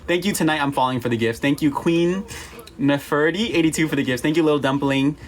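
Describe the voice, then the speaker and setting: A man's voice: a little high, a little fast. Rambling, playful young man livestreaming. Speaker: livestream host. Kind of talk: casual livestream chat.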